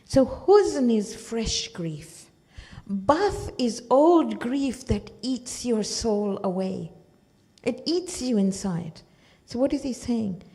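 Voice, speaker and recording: A woman's voice: on the high side, expressive, slow, mellow. A woman teaching a religious study class, explaining verses through storytelling and often checking in with her listeners.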